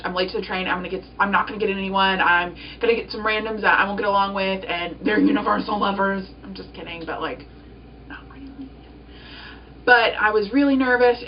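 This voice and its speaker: A young woman in her twenties, vlogging from her room and telling stories in an excitable, chatty way full of fillers and acted-out quotes. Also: mid-range voice. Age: 20s. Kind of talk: casual storytelling vlog. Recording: slightly distant, dull lo-fi sound with faint noise.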